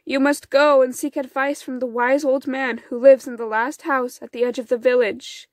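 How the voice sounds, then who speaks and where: A woman's voice: high voice, moderate pace, no echo, clean studio sound, pitched above the performer's own voice. A woman reading as a desperate grieving mother. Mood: pleading. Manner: urgent, pleading. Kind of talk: storybook reading.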